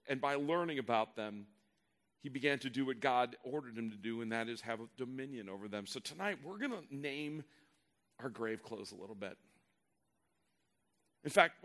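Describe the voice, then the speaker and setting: A man's voice: medium pitch, a bit bright. A male pastor preaching a sermon in an earnest, emphatic way, often repeating words as he builds a point.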